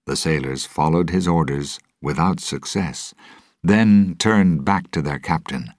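A man reading an adventure story aloud in slow, expressive storybook narration. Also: extremely low pitch, no echo, studio quality.

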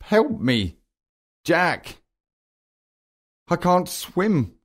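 A man's voice: on the low side, animated, unhurried, darkish tone. A man voicing a scared, muddy young boy in a storybook reading, pleading in a raised voice. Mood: panicked.

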